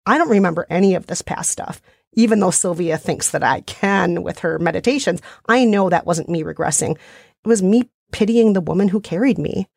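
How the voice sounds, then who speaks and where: A woman's voice: on the low side, moderate pace, vocal fry, darkish tone. A woman co-hosting a podcast, talking earnestly and at length in casual chat. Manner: earnest, rambling storyteller. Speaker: podcast co-host.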